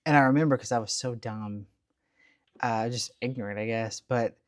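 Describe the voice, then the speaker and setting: A man's voice: medium pitch, moderate pace, no echo, clean studio sound. A man co-hosting a casual podcast, laughing often and telling stories with acted-out quotes. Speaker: podcast co-host. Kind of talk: casual chat.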